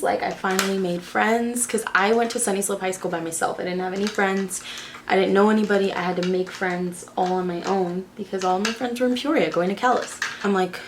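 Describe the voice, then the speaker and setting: A woman's voice: medium pitch, fairly even intonation, a little fast, a little hiss or hum. A young woman from Arizona, chatting casually and swearing freely while doing her makeup, telling a story full of "like". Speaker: beauty vlogger.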